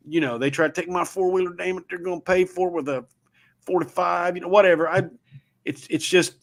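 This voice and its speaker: Brief: male show host, Southern Ohio accent, a bit higher voice, chatty and folksy storyteller. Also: a bit bright. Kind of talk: casual livestream talk.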